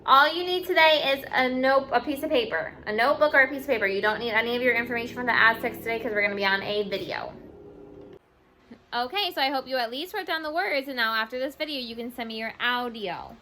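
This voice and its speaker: A woman's voice: on the high side, quick pace, pushed and bright, slight background noise. A woman teaching a class, spelling words out letter by letter and mixing in Spanish words. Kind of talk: online class lesson.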